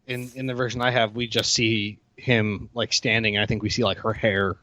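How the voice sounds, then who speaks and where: A man co-hosting a film podcast, talking loudly and haltingly with repeated words. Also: lowish voice, flat delivery, no echo. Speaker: podcast co-host. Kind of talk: casual film review chat.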